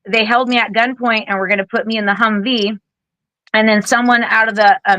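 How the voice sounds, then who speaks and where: A bright, forceful woman's voice, close and dry on the mic. She is a military veteran in her forties giving a candid interview, blunt and animated, with casual swearing. She acts out what other people said as she goes. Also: mid-range voice, dry recording, rough recording. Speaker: guest, Air Force veteran.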